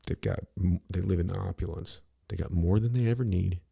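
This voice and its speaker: A man's voice: low voice, brisk, creaky, mellow, slightly rough. A middle-aged man talking bluntly and casually on a podcast, rambling and profane, with lots of "you know" between his thoughts.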